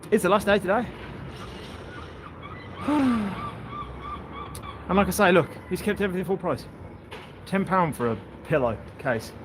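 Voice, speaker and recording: A man's voice: sits high, expressive, measured pace, pauses often. A man hosting a casual walking livestream outdoors, chatting and joking and greeting passersby along the way. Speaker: livestream host. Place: outdoors on a coastal town street. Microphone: handheld phone while walking. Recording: outdoor street noise. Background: street ambience and passing vehicles.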